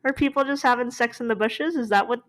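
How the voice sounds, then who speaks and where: A woman's voice: fairly high pitch, quick pace, a bit bright, a little hiss or hum, low-quality recording. A woman co-hosting a podcast in casual comedic chat, playful and laughing often. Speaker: podcast co-host.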